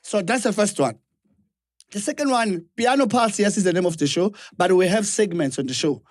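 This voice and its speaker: South African man, podcast co-host, high voice, dry sound, stop-start explaining. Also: expressive, moderate pace, no echo. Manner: repeats words, mixes English and Zulu, explains at length. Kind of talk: live podcast Q&A.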